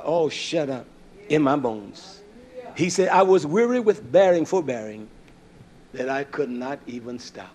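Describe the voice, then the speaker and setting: A man preaching a sermon, telling folksy stories and acting out the quoted dialogue. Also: on the high side.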